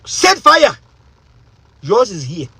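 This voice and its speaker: A woman giving an impassioned political monologue as an activist, emphatic and full of rhetorical questions, with a husky voice. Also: medium pitch, huge pitch swings, takes it slowly, fairly bright tone, rough recording.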